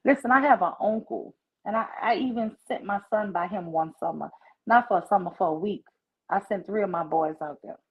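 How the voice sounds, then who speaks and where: Her voice is mid-range with a breathy edge: a woman in her forties joining a livestream by video call. Outraged and emphatic, she recounts her story in candid conversation, heard through muffled, lo-fi stream audio.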